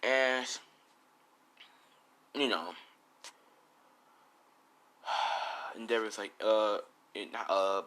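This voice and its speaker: Low-voiced dude rambling thru a fan story, lots of "you know", swears here and there. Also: male voice, very slow, pauses often, pushed and bright. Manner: rambling, filler-heavy, swears casually. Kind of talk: casual improvised storytelling.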